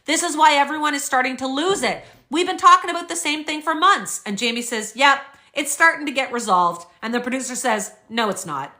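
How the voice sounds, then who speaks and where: A woman's voice: fairly high pitch, lively intonation, a little fast, pushed and bright. A woman vlogger reading out legal filings and reacting with indignant, sarcastic commentary. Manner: indignant, fired up, sarcastic asides.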